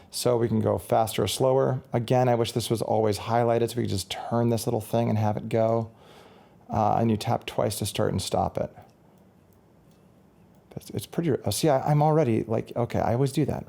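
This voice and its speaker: A man's voice: mid-range voice, vocal fry, warm tone. A man, a musician, giving a casual, rambling product review and often correcting himself mid-sentence. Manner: rambling, chatty, self-correcting.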